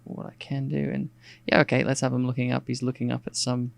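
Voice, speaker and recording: Gravelly Australian man sketching and chatting. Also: medium pitch, brisk, few pauses. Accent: Australian, with some English RP picked up. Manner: relaxed and rambling, thinking aloud with many fillers. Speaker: artist streaming a sketch. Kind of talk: casual narration while drawing.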